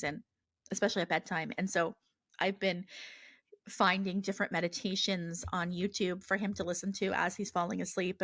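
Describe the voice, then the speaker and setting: A woman in her thirties answers listener questions on her podcast in a lowish voice. She rambles earnestly, with fillers and restarts, into a close mic in a dry, dead room. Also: fairly bright tone, dry recording. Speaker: podcast host. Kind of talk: casual listener Q&A.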